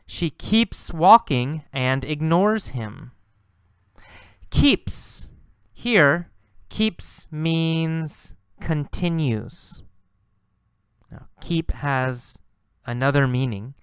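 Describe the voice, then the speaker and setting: A man's voice: mid-range voice, expressive, slow pace, fairly bright tone, clean tone, no room sound, studio quality. A man teaching English, patiently explaining words and repeating simple example sentences. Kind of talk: slow, repetitive lesson narration.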